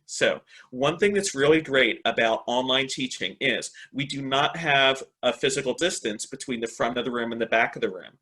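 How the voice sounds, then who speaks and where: A man's voice: mid-range voice, sharp tone. Upbeat man leading an online webinar. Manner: upbeat, repeats "excellent" and "right?" often. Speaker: webinar presenter, English teacher. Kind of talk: online teacher training webinar. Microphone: computer mic on a video call.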